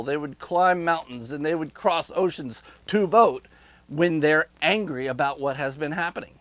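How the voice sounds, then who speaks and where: A man giving a direct-to-camera political monologue, rhetorical and animated, slipping into mocking voices. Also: a little high, no room sound. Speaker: political commentator.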